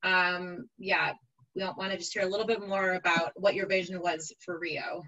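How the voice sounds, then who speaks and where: A woman's voice: fairly low pitch, little pitch movement, normal speed, sharp tone, lo-fi sound. A woman moderating a panel, hesitant and full of ums as she reads out audience questions.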